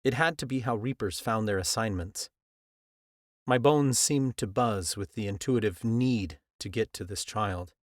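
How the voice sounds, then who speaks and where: Low-voiced male audiobook narrator. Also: dry recording, studio quality. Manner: measured, earnest storytelling. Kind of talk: scripted first-person audiobook narration. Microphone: close studio mic.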